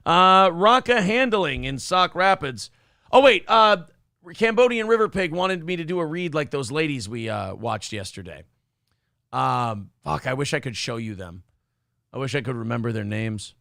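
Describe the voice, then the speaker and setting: Man co-host, gravelly and slightly high, dry close sound, crude banter. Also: lively intonation, normal speed, pushed and bright, no room sound. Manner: crude, joking, reads chat aloud. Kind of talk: casual livestream chat.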